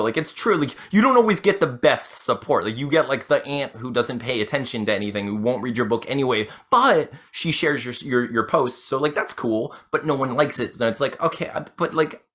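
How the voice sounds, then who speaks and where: A man's voice: medium pitch, a little fast, few pauses, a bit bright. A young man hosting a casual podcast, rambling and self-deprecating, with many fillers and restarts. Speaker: podcast host.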